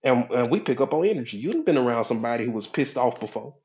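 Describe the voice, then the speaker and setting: A man with a mid-pitched voice coaching his listeners in a preachy, conversational motivational talk. He keeps checking in with a quick "okay?" as he drives each point home. The recording sounds slightly dull and lo-fi. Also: animated, darkish tone. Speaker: hypnotherapist and life coach.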